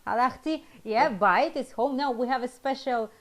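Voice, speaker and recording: A woman teaching an online language class over a video call, patient and encouraging as she drills phrases slowly. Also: sits high.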